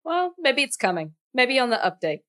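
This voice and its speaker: A woman co-hosting a podcast in casual chat, teasing and quick to laugh. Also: high voice, sing-song, a bit bright. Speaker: podcast co-host.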